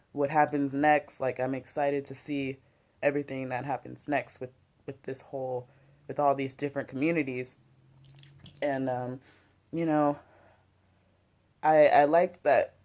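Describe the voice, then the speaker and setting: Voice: medium pitch, a little mellow. Slangy, laid-back episode reviewer. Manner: loose and slangy, lots of "like" and "you know", some swearing. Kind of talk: casual review chat. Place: home, smoking and drinking while talking.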